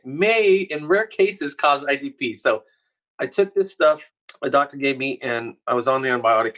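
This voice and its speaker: Through a low-quality recording, a medium-pitched middle-aged man tells a story as a podcast guest. He's casual and animated, cursing freely as he goes.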